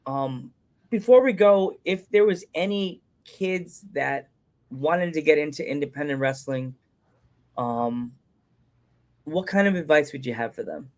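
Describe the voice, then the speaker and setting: A man's voice: fairly high pitch, expressive, unhurried, a little mellow. A man hosting a casual podcast, joking around, repeating his punchlines and laughing at them. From Pennsylvania. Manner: jokey, laughs at own lines, repeats phrases. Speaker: podcast host. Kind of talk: casual chat.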